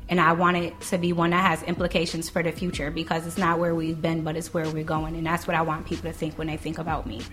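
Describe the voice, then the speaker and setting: A woman's voice: deep voice, fast, hardly any pauses, soft background music. A woman co-hosting a podcast in casual, joking chat. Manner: joking, animated. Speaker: co-host.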